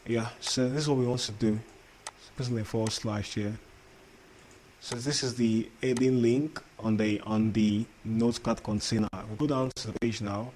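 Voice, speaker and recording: The coding instructor speaks at a moderate pace in a lowish, darkish voice with fairly even intonation and a non-native English accent, with a little background noise present. He walks through the tutorial on his shared screen, repeats himself, and keeps asking "understand?"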